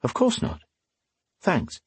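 A man voicing a sly, sharp-tongued young woman in a fantasy audiobook, who hisses curtly and then screams shrilly in fake terror. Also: takes it slowly, no room sound, natural voice. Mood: businesslike. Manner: curt hissing turning to shrill fake screams.

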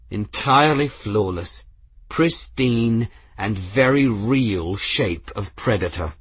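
A man reading an adventure novel aloud as narrator, in a measured, even storytelling manner. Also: lowish voice, slightly rough, dry recording. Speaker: audiobook narrator. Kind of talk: scripted narration.

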